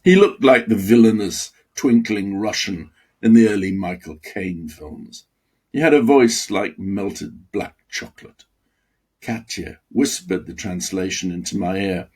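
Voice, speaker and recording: Guy reading his memoir out loud, husky voice, slow and dramatic. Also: lowish voice. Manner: expressive, dramatic storytelling.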